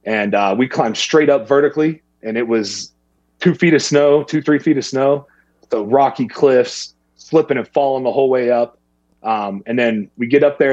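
A man with a slightly husky voice rambles through a story in casual podcast talk, jumping into other people's voices as he quotes them. The sound is dry and close, a bit dull and lo-fi. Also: mid-range voice, no echo. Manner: rambling, animated when quoting others. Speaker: guest.

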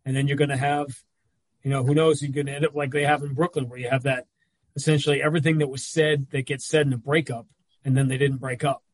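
A man, a radio play-by-play announcer, talking sports as a guest on a video call, telling animated stories with quick asides. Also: medium pitch, no echo, rough recording. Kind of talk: casual sports talk over video call.

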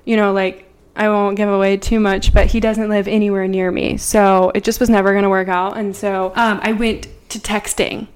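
A woman's voice: medium pitch, little pitch movement, normal speed, smooth. A young woman co-hosting a podcast, telling a story in casual chat, rambling and swearing freely. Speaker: podcast co-host.

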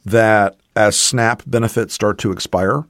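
A man from the American South co-hosting a political discussion, measured and earnest, with many "you know" fillers. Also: fairly low pitch, steady tone, no room sound, clean studio sound. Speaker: podcast co-host.

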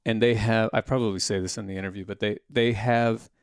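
A man's voice: on the low side, steady tone, fairly quick, smooth, no echo, clean studio sound. A middle-aged man co-hosting a podcast, playful and chatty, telling stories about family trips. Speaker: podcast co-host. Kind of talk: casual chat.

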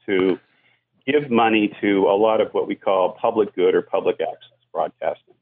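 A man's voice: fairly low pitch, normal speed, narrow, tinny audio, a little hiss or hum. A man explaining media policy as a guest on a radio call-in show, talking at length with many fillers. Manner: explanatory, frequent "you know" fillers.

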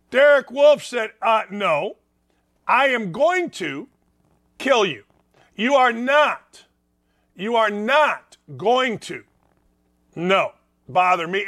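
An older man hosting a sports talk show from his basement, giving a blunt, sarcastic monologue that swings between loud bursts and quick asides. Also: extremely high pitch. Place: home basement studio.

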